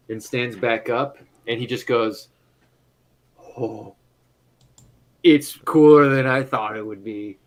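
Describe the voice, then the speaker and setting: A man's voice: mid-range voice, fairly bright tone, rough recording. Rambling male game master. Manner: rambling, many fillers and restarts, laughs often. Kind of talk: narrating a tabletop game.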